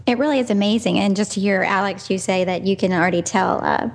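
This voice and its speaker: A woman with a gravelly edge to her voice moderates a parenting panel. She asks the others questions in an inquisitive, slightly hesitant way. A long reverb hangs on her voice. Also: medium pitch, fast, slight background noise. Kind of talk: casual chat.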